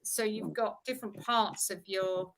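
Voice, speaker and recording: A woman who performs characters explains how she learns accents, breaking in to demonstrate them and pausing on fillers. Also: medium pitch, fairly even intonation, slight background noise. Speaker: actress and voice performer. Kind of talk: casual group chat on a live stream.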